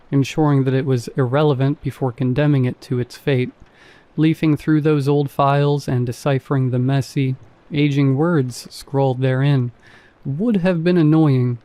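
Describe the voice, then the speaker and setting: A man narrates a first-person scary story with calm, measured pacing. His voice is mellow and dark-toned, sitting at a middle pitch. The reading is steady and scripted. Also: no echo.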